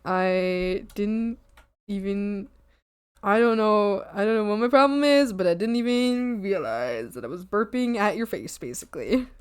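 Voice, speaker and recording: A young woman talks to her stream chat from home, rambling through stories with plenty of ums and giggles. Her voice swings widely, leaping into high squeals when she gets excited. The sound is dry and close, with no room around it. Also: measured pace, clear, resonant tone, dry recording. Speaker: art streamer. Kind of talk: casual chat while reading chat. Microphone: desk mic at a streaming setup.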